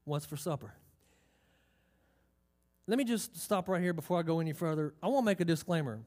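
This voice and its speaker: Emphatic high-voiced preacher. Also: male voice, animated, rapid-fire, a little mellow. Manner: emphatic, drawls key phrases, asks the congregation questions. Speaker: pastor. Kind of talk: sermon.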